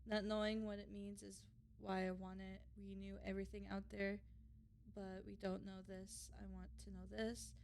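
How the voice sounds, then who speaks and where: A woman voicing a tender, nervous princess in a video game, reading her lines in a quiet, soft voice. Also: mid-range voice, animated, moderate pace, pauses often, slight background noise, voice pushed down, lightly acted. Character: tender young princess, brave but nervous.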